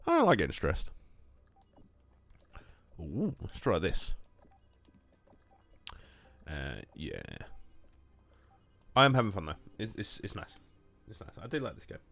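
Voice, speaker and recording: A young man streaming a game, rambling and joking casually while answering chat in a flat, monotone way. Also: measured pace, pauses often, faint music behind. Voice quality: low monotone voice. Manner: rambling, jokey, reacting to chat.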